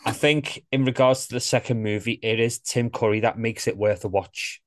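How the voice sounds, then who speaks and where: A man's voice: mid-range voice, normal speed, no room sound, clean studio sound. A man hosting a casual podcast chat, telling film stories with animation. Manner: animated storyteller, acts out quoted lines. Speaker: podcast host.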